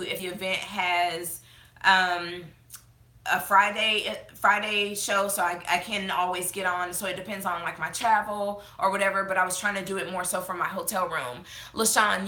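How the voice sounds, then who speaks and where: A woman talks casually to her viewers in a bright, forward voice. She rambles with plenty of fillers and restarts, tearful as she holds back crying. The sound carries the echo of a bare room. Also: mid-range voice, steady tone, moderate pace. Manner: chatty, heartfelt, many fillers and restarts. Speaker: beauty vlogger hosting a live chat. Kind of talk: casual live-stream chat reading comments.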